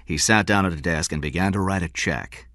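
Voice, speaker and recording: A man narrating an audiobook story in a measured, expressive way. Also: low voice, dry recording, studio quality. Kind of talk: scripted narration.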